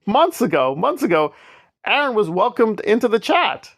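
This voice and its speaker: Male commentator, sarcastic and scornful, fairly high voice, gravelly, dry close sound. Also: big pitch swings, moderate pace, a bit bright, dry recording. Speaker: online commentator. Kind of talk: commentary on online drama.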